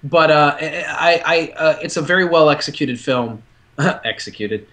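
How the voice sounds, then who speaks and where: Bright-voiced man chatting casually. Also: a little high. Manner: quick, chatty, self-interrupting. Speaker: podcast co-host. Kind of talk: casual chat about a film.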